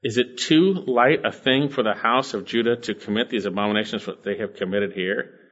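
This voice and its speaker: A man's voice: fairly low pitch, moderate pace, fairly bright tone, lo-fi sound. A man preaching an expository sermon as pastor, earnest and preacherly, pressing his listeners with emphatic calls.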